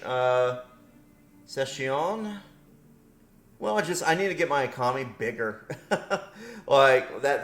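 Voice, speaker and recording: A man's voice: mid-range voice, fairly bright tone. A man casually commentating his strategy game with his headset on, rambling and correcting himself, laughing often. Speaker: gameplay commentator. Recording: roomy echo.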